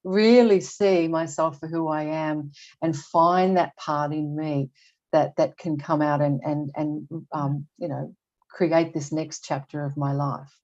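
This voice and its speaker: A woman's voice: sits low, fairly even intonation, unhurried, darkish tone. An older woman talking candidly as a podcast guest, often restarting and repeating words as she thinks aloud. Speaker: guest expert. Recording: dull lo-fi audio.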